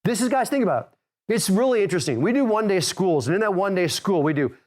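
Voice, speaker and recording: Fast-talking, high-voiced male golf coach. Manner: energetic, direct, repeats "okay?" and "guys". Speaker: golf instructor and podcast host. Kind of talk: coaching talk to listeners.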